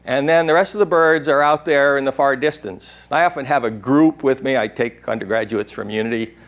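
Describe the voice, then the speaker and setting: An older man gives a conference-style workshop talk in a lecture room, speaking at medium pitch and a little fast. He rambles and digresses, occasionally imitating an owl's call.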